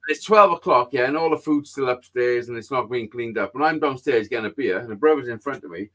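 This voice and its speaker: Guy swearing his way through a story, chatty and animated. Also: medium pitch, quick pace. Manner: sweary, animated anecdote-telling. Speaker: podcast host. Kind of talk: casual storytelling chat.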